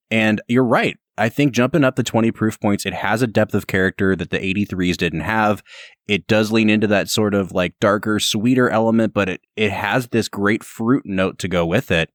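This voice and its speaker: A man co-hosting a casual podcast, joking and telling stories in an animated way. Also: on the low side, no room sound, clean studio sound. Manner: jokey, animated storytelling. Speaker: podcast co-host. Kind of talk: casual chat.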